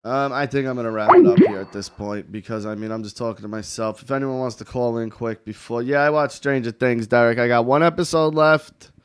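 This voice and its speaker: A man's voice: mid-range voice, fairly quick, clean tone. A man hosting a call-in show, chatting casually in a blunt, profane, rambling way. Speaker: show host. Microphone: headset or desk mic with headphones.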